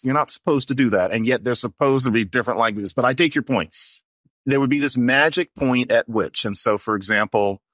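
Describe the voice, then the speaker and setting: A man's voice: medium pitch, no room sound. A man talking as a guest, explaining ideas conversationally. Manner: animated, expressive intonation. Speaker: guest linguist.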